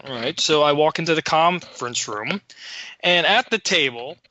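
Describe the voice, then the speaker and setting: A man's voice: fairly high pitch, lively intonation, normal speed, pushed and bright. A man co-hosting a podcast, telling a story in a casual, profane, worked-up way. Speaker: podcast co-host.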